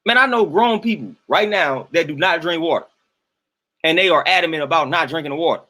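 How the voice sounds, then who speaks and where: A man's voice: on the high side, brisk, bright, forceful tone. A young man hosting a live-stream rant, answering his chat and sounding exasperated and emphatic, often repeating himself for effect. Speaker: host ranting to live chat.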